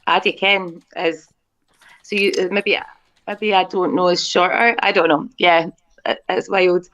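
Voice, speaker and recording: A woman's voice: lowish voice, steady tone, a little slow, a bit bright, lo-fi sound. A woman, chatting easily on a video call. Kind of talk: casual chat.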